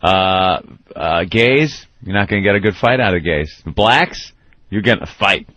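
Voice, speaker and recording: A man's voice: sits low, animated, unhurried, bright, forceful tone. A man hosting a talk radio show, blunt and wry as he riffs and takes calls. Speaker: radio host. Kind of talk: casual radio banter.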